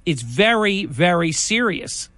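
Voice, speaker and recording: Older male talk host, slightly high voice, dry booth sound, conversational and indignant. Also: sing-song, slow pace, a bit bright, dry recording. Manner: indignant, conversational, rambling asides. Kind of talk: political talk commentary.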